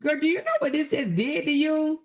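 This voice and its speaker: A woman hosting a casual livestream commentary, animated and exclamatory, talking straight to her viewers and reading their comments aloud. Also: sits high, a little fast.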